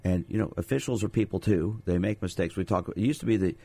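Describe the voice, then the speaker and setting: A middle-aged man with a lowish voice hosts a radio talk show as a sports psychologist. He speaks in a conversational, storytelling way and asks the audience rhetorical questions. The studio sound is dry and close. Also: quick pace, mellow, breathy edge, no echo. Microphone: studio microphone.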